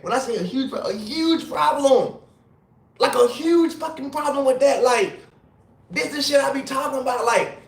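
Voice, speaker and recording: Tipsy, animated man ranting in echoey room. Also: extremely high pitch. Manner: animated, rambling, profane venting. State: tipsy from drinking. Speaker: livestream host and former sprinter. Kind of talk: casual livestream rant. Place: hotel room.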